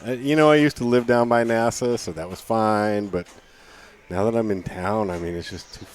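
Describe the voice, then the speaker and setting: A man's voice: lowish voice, moderate pace. A man who produces and co-hosts a podcast, chatting in an easygoing way and laughing often. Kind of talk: casual chat.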